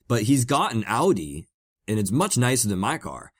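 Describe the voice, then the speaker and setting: A man's voice: medium pitch, big pitch swings, normal speed. A man hosting a podcast, telling a casual story in a rambling way with many fillers and repeated words. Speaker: podcast host.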